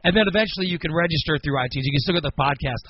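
Background noise surrounds a fairly high-pitched man who talks very fast. The forties-aged Chicago radio host, Midwestern in accent, chats casually and rambles through his opinions out loud, heard on a dull lo-fi radio recording.

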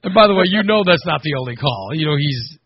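A male show host tells long, rambling stories and keeps restarting his sentences. His voice is husky and a little high. The sound is dry and dull. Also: expressive, quick pace, no room sound. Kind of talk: casual live show chat. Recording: dull lo-fi stream audio.

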